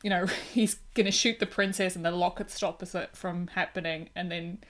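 A woman in casual conversation about a film, animated and quick to act out the characters' lines. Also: on the low side. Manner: animated, acts out dialogue in quotes.

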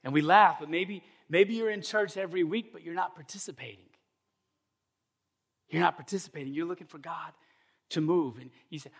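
A man's voice: a little high, moderate pace, vocal fry, husky. A middle-aged man preaching a sermon as pastor, telling stories and acting out the voices of people in them. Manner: storytelling with acted voices, animated and comic.

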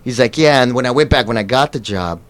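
A man guest in an interview, telling stories in a casual, animated way and acting out quoted lines. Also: medium pitch, fast, dry recording. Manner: animated, acts out quotes with laughs. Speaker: actor guest.

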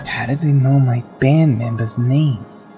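A man's voice: mid-range voice, unhurried, warm tone, lo-fi sound, faint music behind. A man playing a brash young musician. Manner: casual, profane, street slang. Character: young male musician James, brash and confused. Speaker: player. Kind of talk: in-character tabletop role-play.

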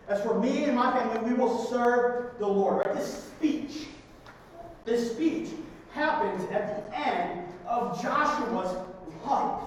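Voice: mid-range voice, animated, a little slow, darkish tone. A pastor preaches in an easy, conversational way and checks in with the congregation by asking "right?" after each point. The voice sounds distant and washes around a large, reverberant hall. A faint hiss sits under the poor recording. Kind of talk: conversational sermon. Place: church sanctuary.

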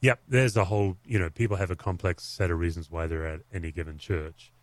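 A man with a low-pitched voice talks through his own experiences in a candid, reflective manner. His speech carries a pastor's easy conversational rhythm. The sound is dry and close, with no room echo. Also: fairly even intonation, fairly quick. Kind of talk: podcast conversation.

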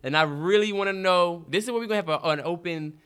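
A man's voice: high-pitched, fast, fairly bright tone, clean tone. A man co-hosting a podcast in casual chat, easygoing and playing devil's advocate. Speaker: podcast co-host.

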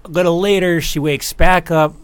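A man's voice: on the high side, steady tone, normal speed, clean tone, no echo. A man casually telling a rambling story on a talk show, full of fillers and restarts.

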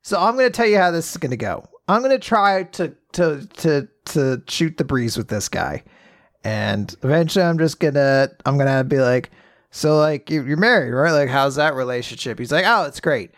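Male podcast co-host, slightly high voice, lively storyteller. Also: normal speed. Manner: animated storytelling, acts out scenarios. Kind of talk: casual podcast chat.

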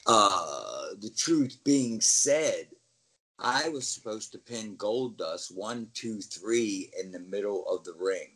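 A man's voice: on the low side, slow pace, rough recording. A middle-aged man, a former wrestler, telling backstage stories in casual chat and acting out the voices of the people in them. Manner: animated storyteller, acts out voices and yells. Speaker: interview guest, former wrestler. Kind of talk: casual storytelling.

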